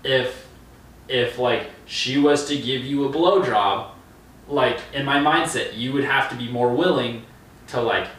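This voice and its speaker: A man's voice: mid-range voice, a little slow, fairly bright tone. A young man co-hosting a casual podcast chat, hesitant with many fillers and restarts. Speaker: podcast co-host. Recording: echoey room, far from mic.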